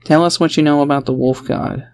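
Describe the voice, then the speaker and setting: A man doing a fiery, sharp-tongued young mother. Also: fairly high pitch, fairly even intonation, fairly quick, natural voice. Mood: scolding. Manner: sharp, accusing, clipped. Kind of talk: audiobook character voice.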